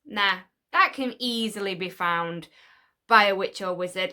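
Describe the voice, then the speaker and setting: A woman hosting a fan vlog, talking casually and chattily with excited little asides. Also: medium pitch, a little slow. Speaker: fan channel host.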